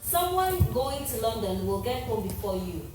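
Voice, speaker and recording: A woman reading quiz prompts to a guest in a brisk, teasing way. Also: on the high side, very animated, crowd noise. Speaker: quiz reader. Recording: distant voice in a very echoey room.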